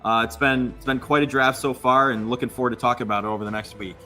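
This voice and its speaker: A man hosting a podcast, chatting casually through live draft coverage with quick asides. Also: mid-range voice, fairly even intonation, pushed and bright, soft background music. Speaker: podcast host.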